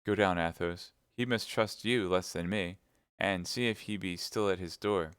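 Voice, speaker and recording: A gallant young swordsman, voiced by a male reader, earnest and reassuring. The sound is smooth and dry, close to the microphone. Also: deep voice, moderate pace, fairly bright tone, no echo. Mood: urgent.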